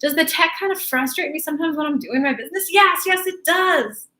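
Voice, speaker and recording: A woman leading a spiritual livestream, talking in a lively, chatty way. Her voice sits somewhat high and rings in an echoey room. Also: brisk. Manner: lively, chatty, speaks of herself by name. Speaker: spiritual channeler hosting a livestream. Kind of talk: animated channeled talk and storytelling.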